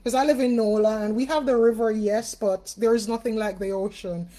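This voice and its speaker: A woman's voice: on the high side, fairly even intonation, brisk, warm tone. A woman from Jamaica with a Jamaican accent, hosting a casual live-stream at home as a spiritual reader. She chats with her viewers and greets them by name. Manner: chatty, greets viewers by name, many fillers. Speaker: spiritual reader and livestream host.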